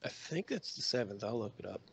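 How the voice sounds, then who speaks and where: A man's voice: lowish voice, sing-song, brisk, vocal fry, slightly rough. A man co-hosting a casual podcast, making dry, crude wisecracks. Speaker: podcast co-host.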